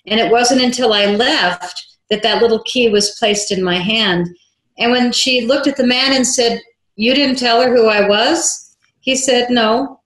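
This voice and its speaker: A woman guest tells her story with animated energy, acting out each line of dialogue she quotes. Her voice sits fairly high, and the recording rings with a roomy echo. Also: a little slow. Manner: lively, acts out quoted dialogue. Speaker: interview guest, filmmaker.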